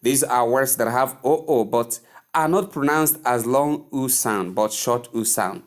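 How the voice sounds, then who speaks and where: A man teaching English pronunciation, speaking slowly and deliberately and repeating words for learners to echo. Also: mid-range voice. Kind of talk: pronunciation lesson.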